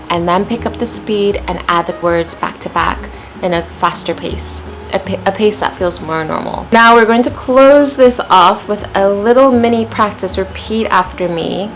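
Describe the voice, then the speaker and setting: A woman with an American accent teaching an English pronunciation lesson, modeling phrases clearly and encouragingly. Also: medium pitch, low-quality recording. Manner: clear, encouraging, demonstrative delivery.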